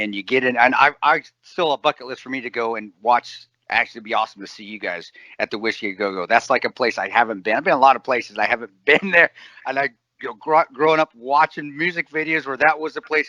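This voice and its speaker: A man's voice: mid-range voice, pushed and bright, dry recording, dull audio. A man in his forties co-hosting a podcast, talking emphatically and sarcastically and swearing freely. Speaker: podcast co-host. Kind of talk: casual chat.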